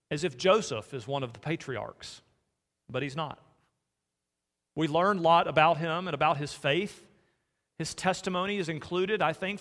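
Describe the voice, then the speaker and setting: A man delivers a sermon from the pulpit, earnest and personal, often turning to ask his listeners pointed questions. His voice sits slightly high for a man. It rings out in a church with a long, trailing reverb. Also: a bit bright. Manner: earnest, asks the congregation direct questions. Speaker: pastor. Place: church sanctuary.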